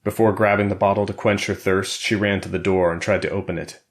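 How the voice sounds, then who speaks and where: A deep, low male voice narrating a thriller audiobook. He reads steadily and evenly, keeping his tone controlled through the action. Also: fairly even intonation, fast. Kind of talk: scripted narration.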